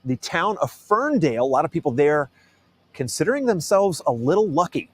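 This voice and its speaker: A male news reporter delivers scripted narration at a measured, even pace. His voice sits slightly high for a man. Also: husky.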